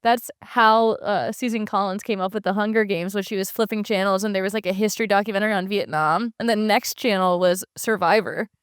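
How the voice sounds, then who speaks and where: A woman's voice: medium pitch, fairly even intonation, brisk, hardly any pauses, smooth, dry recording, clean studio sound. A woman co-hosting a podcast, recapping a story in casual chat with many fillers. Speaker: podcast co-host.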